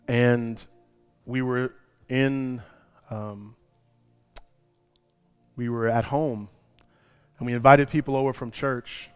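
A male pastor preaching a sermon, moving from quiet personal storytelling to loud, impassioned preaching. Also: medium pitch, clean tone.

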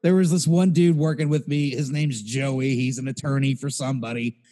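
A man's voice: mid-range voice, steady tone, moderate pace, mellow, long reverb tail. A man co-hosting a podcast, telling a rambling, profane story in casual chat. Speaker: podcast co-host.

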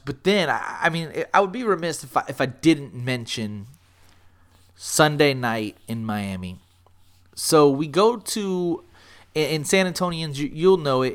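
Brief: male podcast co-host, casual storyteller, swears freely, quotes people in character. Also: fairly high pitch. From Texas. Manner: rambling, profane, acts out quotes with rising excitement.

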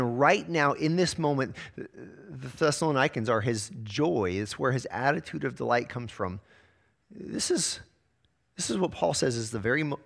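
Male pastor mid-sermon, slightly high voice with a lively, swinging delivery, restarts his words often. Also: vocal fry. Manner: animated preaching with frequent word repeats.

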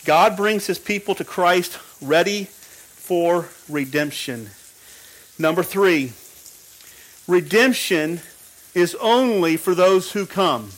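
Male pastor, high-pitched, emphatic repetitive preaching delivery. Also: animated, slow, long pauses, poor audio. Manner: emphatic repetition, frequent restarts. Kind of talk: sermon.

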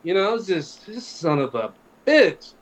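A man's voice: high voice, big pitch swings, moderate pace, low-quality recording. A man in his forties, co-hosting a casual podcast and telling rambling, profane anecdotes while acting out what other people said. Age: 40s. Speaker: podcast co-host. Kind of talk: casual storytelling.

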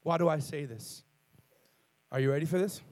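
A man preaching a sermon in a church, fervent and building to loud, emphatic call-outs, often repeating and restarting his words. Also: on the high side, normal speed, no room sound. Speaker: pastor. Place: church sanctuary with congregation.

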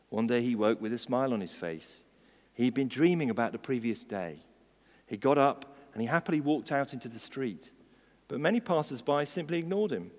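A man preaching a sermon on prayer, moving from quiet reflection to fervent exhortation. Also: mid-range voice. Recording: long hall reverb.

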